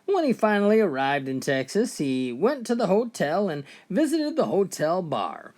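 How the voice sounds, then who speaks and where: Brief: male joke teller, folksy and animated, easygoing build-up to each punchline. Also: sits high, moderate pace. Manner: folksy delivery, often opening lines with "well". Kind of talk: told jokes, comic storytelling.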